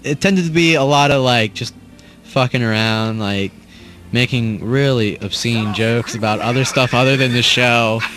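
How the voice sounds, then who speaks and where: A young man talks through a commentary track in a relaxed, meandering way. His voice sits in an ordinary middle pitch. He swears casually and trails off often. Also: moderate pace, soft background music. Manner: rambling, loose, swears casually. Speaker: cast member doing commentary.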